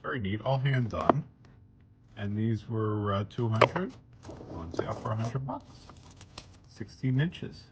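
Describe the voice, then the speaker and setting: A man's voice: fairly low pitch, lively intonation, takes it slowly, long pauses, lo-fi sound, very noisy. A man, a bead shop owner walking through his weekly specials in rambling, jokey sales patter while holding the camera himself. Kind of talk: casual product showcase. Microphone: handheld camera he is holding himself. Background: loud background music.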